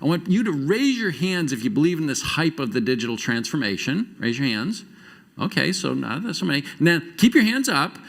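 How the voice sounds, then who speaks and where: Man, middle-aged, conference speaker, lively swooping pitch, storytelling delivery, live audience. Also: vocal fry. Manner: animated storytelling with quick shifts in loudness and pace. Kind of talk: conference keynote talk.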